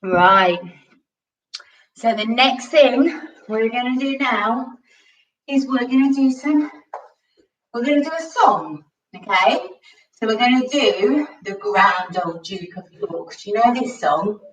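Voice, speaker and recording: Woman, kids' gymnastics coach, out of breath, slow encouraging talk, echoey room, distant mic. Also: fairly high pitch, lively intonation, highs cut off. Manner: cheerful, encouraging, talks to young children, out of breath while exercising. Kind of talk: home workout class for children.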